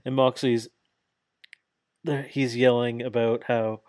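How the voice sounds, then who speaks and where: Man, mid-pitched, casual podcast co-host, swears and laughs a lot, dry close recording. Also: takes it slowly, no room sound. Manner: animated, laughing, swears freely. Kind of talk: casual chat.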